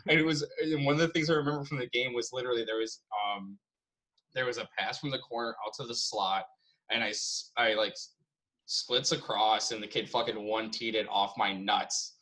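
Young man, podcast co-host, casual chat, swears a lot, laughs often, mid pitch. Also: fairly even intonation, brisk, bright, forceful tone, low-quality recording.

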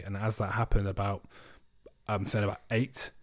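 A man's voice: lowish voice, normal speed. A young man co-hosting a podcast, telling travel stories in casual chat and swearing freely. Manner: swears a lot, animated storytelling. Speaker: podcast co-host.

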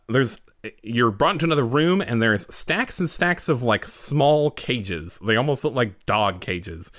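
A man's voice: medium pitch, a bit bright, no room sound, studio quality. A man narrating a tabletop role-playing game as game master, rambling with lots of fillers and restarts.

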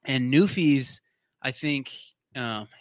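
A man's voice: mid-range voice, slow pace, no room sound, clean studio sound. A young man from Canada, a podcast guest, telling stories in a loose, rambling casual chat with plenty of swearing.

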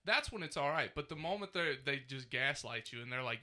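A man's voice: mid-range voice, expressive, fairly quick, sharp tone. A man in his thirties co-hosting a podcast, ranting animatedly with lots of swearing in casual chat. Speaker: podcast co-host.

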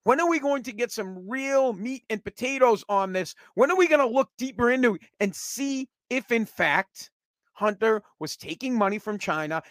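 A man's voice: very high voice, a bit bright, dry recording. Combative man ranting, dry close sound. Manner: combative, sarcastic, swears, repeats words when worked up. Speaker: political commentator. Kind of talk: heated political rant.

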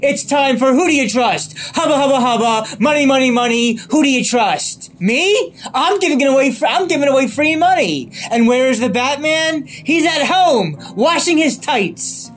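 Man doing a theatrical clown villain, mocking and sing-song, lively swoops in pitch, faint music under. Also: normal speed, few pauses. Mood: gleeful. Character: grinning madcap male clown villain, theatrical.

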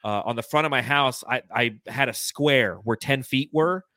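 A podcast host in his thirties from California tells rambling, self-mocking childhood stories packed with fillers in a casual storytelling chat. His mid-range voice is pushed and bright at normal speed, with no room sound.

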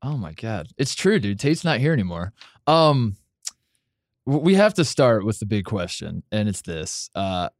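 Man, podcast host, low voice, dry close sound, loose rambling delivery with restarts. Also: sing-song, a little slow, dry recording. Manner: rambling, many restarts, swears casually. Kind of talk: casual podcast chat.

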